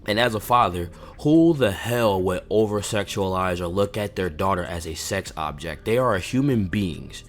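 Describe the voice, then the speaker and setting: Deep-voiced male host, indignant commentary rant over faint background music. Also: expressive, moderate pace, hardly any pauses. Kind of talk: reaction commentary.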